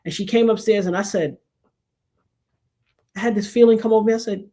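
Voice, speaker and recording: Animated woman telling stories. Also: medium pitch, fast talker, pauses often. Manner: animated, acts out quoted dialogue. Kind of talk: casual storytelling chat.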